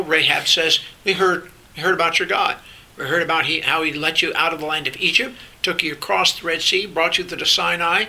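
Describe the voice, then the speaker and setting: A man's voice: on the high side, sharp tone, low-quality recording. An older man teaching through a Bible passage, explaining in a conversational way with frequent restarts. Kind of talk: sermon-style Bible teaching. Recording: faint hiss.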